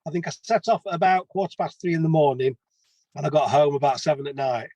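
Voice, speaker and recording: A man, sitting in as a guest and telling stories in a chatty, rambling way full of restarts. His voice sits a touch high for a man. The sound is dry and close. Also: steady tone, quick pace, a little mellow, dry recording, low-quality recording. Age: 50s. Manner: chatty storyteller, many restarts. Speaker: guest, plumber. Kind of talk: casual podcast interview.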